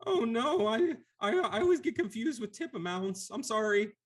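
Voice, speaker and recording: A man voicing a timid sludge-creature lemure that whimpers, stammers and keeps apologizing in a tearful, high voice. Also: big pitch swings, normal speed.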